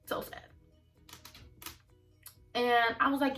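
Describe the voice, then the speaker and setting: A woman's voice: on the low side, a little slow, long pauses. A young woman in her late teens telling a casual, profane story and acting out the people in it. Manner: animated, profane, acts out quotes. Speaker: vlogger. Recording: distant mic with music behind.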